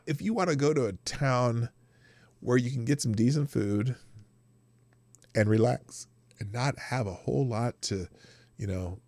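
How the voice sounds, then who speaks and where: A man's voice: mid-range voice, no room sound. A middle-aged man from Nebraska hosting a live news commentary show, chatting loosely and narrating to himself as he clicks through clips. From Nebraska, US Midwest. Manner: rambling, chatty, talks to himself while working the screen. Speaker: show host.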